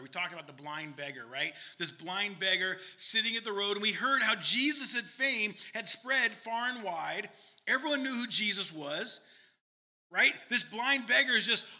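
A man, a pastor, preaching a sermon in an earnest, emphatic way with quick asides. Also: high voice, pushed and bright.

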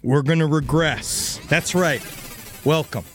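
A man's voice: fairly high pitch, slow pace, soft background music. A man hosting a comedic true crime podcast, narrating theatrically and laughing often.

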